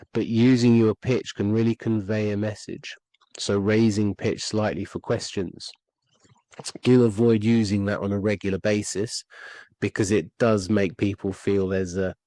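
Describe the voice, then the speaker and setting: A communication skills coach gives instructional podcast talk on voice and speaking, earnestly repeating key points for emphasis. His voice is deep and darkish in tone, and the recording is dry and rough.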